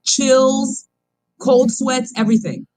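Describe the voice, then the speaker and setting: A woman's voice: sits high, fairly even intonation, takes it slowly, a little mellow. A woman co-hosting a comedy podcast, making exaggerated, indignant complaints in casual banter.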